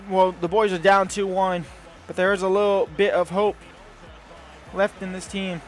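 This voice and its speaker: High-voiced man commentating his gameplay. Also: level tone, moderate pace, soft background music. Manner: rambling, swings between low muttering and loud outbursts. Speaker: gaming channel host.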